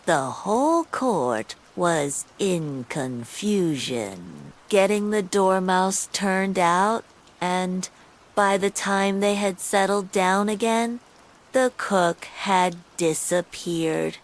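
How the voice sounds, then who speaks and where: A woman narrating a bedtime story in a slow, calm manner. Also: lowish voice, rough recording.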